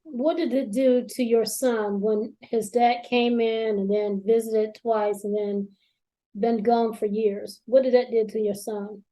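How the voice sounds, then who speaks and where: A woman host asking calm, probing interview questions. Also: on the high side, measured pace, low-quality recording.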